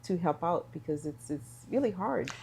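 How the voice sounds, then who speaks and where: A woman's voice: lowish voice, expressive, normal speed, creaky, a little mellow, slight background noise. A middle-aged woman from Haiti, a business owner and podcast guest, speaking earnestly and repeating words for emphasis. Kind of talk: casual podcast conversation.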